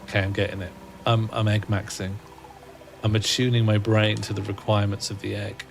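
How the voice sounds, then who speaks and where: Gravelly low-voiced man, musing. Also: flat delivery, a little fast. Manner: musing, rambling self-talk, wry. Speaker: streamer. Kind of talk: casual gaming livestream chat.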